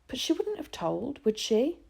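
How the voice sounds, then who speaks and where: A woman's voice: sits high, very animated, a little slow, vocal fry, darkish tone, husky, voice pushed up, heavily acted. A woman voicing a scared, anxious younger boy who pleads as if close to tears in a storybook reading.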